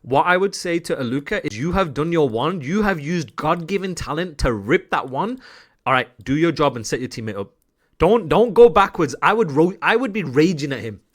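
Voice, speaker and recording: A man, an esports coach, breaking down gameplay for viewers in an excitable, repetitive, profane way, joking as he goes. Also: fairly high pitch, normal speed. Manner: laughs and jokes while analysing.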